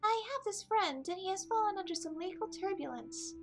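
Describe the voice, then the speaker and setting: A woman voicing a timid, squeaky little male mouse in a game playthrough, talking nervously. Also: lively intonation, fairly quick, over music. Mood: anxious. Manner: nervous, hesitant.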